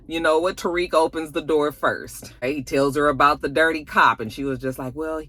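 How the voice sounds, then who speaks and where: A woman recaps a TV episode in a chatty, sassy way, tagging "okay?" onto her points. Her voice is bright and forceful. The delivery is casual, as if talking to viewers. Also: low-pitched, fairly even intonation, normal speed. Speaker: YouTube show reviewer.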